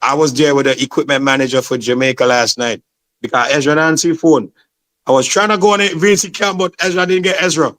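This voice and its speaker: A man's voice: a little high, brisk, fairly bright tone. A man from Saint Vincent, talking passionately as an interview guest and repeating "man" and "bro". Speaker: football promoter, guest. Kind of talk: casual interview chat.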